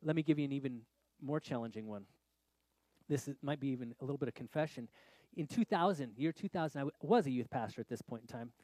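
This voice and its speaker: A middle-aged man preaching a sermon as a pastor, telling a story in an animated way that swings between loud exclamations and quiet confession. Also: medium pitch, fast talker, dry recording.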